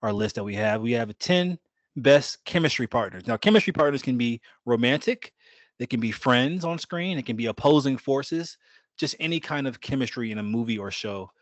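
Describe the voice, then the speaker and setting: A man co-hosting a podcast, casually leading the segments and asking quick questions. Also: mid-range voice, lively intonation, dry recording. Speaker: podcast co-host. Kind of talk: casual chat.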